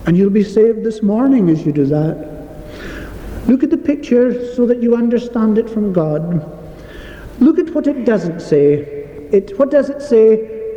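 A man's voice: high voice, very animated, measured pace, dark tone. A man preaching a sermon in a church, earnest and repetitive, stretching out key phrases for emphasis. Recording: echoey hall, dull lo-fi sound.

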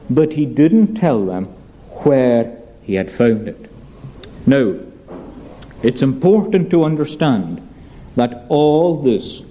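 A male preacher delivers an earnest expository sermon in a mellow, mid-range voice, posing rhetorical questions and slowly reading scripture aloud.

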